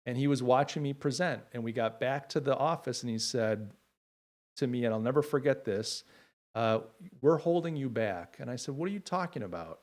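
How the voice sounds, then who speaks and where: Addressing viewers directly on a relaxed home livestream, a middle-aged man uses a slightly mellow, middle-pitched voice. What he says is heartfelt, and it comes out haltingly with many small fillers.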